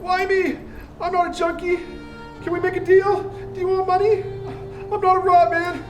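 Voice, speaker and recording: An actor playing a crude, foul-mouthed small-town drug dealer in a film drama, casual on the phone. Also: male voice, on the high side, expressive, fairly quick, natural voice. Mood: panicked. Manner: crude and casual on the phone, then screaming and begging. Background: film score music.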